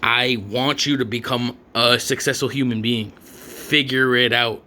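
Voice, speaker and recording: A man's voice: medium pitch, steady tone, unhurried, sharp tone, slight background noise. Rambling, foul-mouthed young man. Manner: profane, slangy and rambling, with frequent fillers. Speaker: vlogger. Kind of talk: rambling storytime rant.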